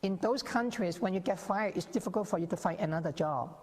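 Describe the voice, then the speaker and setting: A man's voice: high voice, fairly quick, a little mellow, slightly rough. A man speaking as a guest on a TV interview, explaining his views earnestly with many repeated words and restarts. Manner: earnest, repetitive, frequent restarts and stammered words. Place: TV studio. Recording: reverberant TV studio sound.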